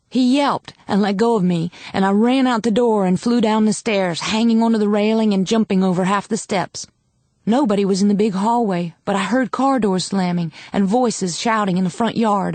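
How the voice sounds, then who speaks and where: A woman narrating a dramatic audiobook in a measured first-person reading. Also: medium pitch, a little mellow, dry recording.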